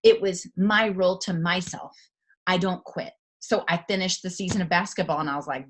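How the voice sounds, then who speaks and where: A woman's voice: fairly low pitch, steady tone, moderate pace. Chatty, emphatic woman giving a pep talk. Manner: chatty, emphatic, folksy, laughs often. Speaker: network marketing team leader. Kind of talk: motivational talk.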